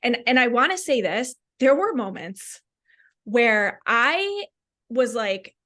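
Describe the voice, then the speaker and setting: A woman's voice: a little high, very animated, takes it slowly, sharp tone. A woman speaking as a podcast guest, candid and reflective, with frequent "like" fillers. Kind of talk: casual conversational interview.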